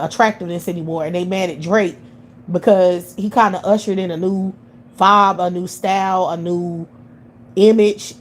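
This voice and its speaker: A woman's voice: fairly low pitch, slight background noise. A woman from the United States hosting a livestream and delivering a blunt, heated, profane monologue rant that circles back on itself. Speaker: livestream commentator.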